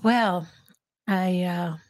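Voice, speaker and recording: A woman co-hosting a podcast, reading a novel chapter aloud and then discussing it in a measured, thoughtful way. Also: on the low side, no room sound, clean studio sound. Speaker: podcast co-host and reader.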